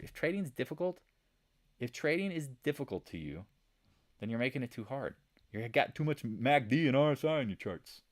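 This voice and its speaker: A man hosting a live market chat, excitably answering viewer questions and talking straight to his viewers. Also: mid-range voice. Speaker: trading channel host.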